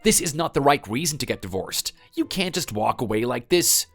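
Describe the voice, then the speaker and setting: A man's voice: mid-range voice, very animated, a little fast, gravelly, fairly bright tone, faint music behind, full character voice. A man voicing a defensive, pleading husband. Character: defensive husband clinging to his marriage. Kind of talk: scripted dialogue drama.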